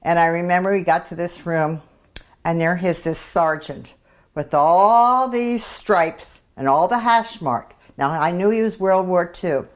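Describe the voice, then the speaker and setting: An elderly woman veteran in an oral history interview, her voice sitting a little low. She speaks reflectively and haltingly, restarting her sentences as she recalls. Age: 80s.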